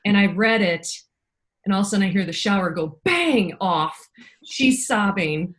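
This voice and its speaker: Speaking at a moderate pace in a mid-range voice, a middle-aged woman shares personal stories as a guest on a podcast. Her storytelling is casual and lively, and she performs the voices of whoever she's quoting.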